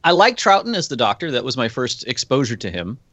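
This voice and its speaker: A man's voice: mid-range voice, big pitch swings, a little fast, fairly bright tone, dry recording. An American man chatting as a podcast guest, rambling and searching for his words. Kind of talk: casual podcast chat.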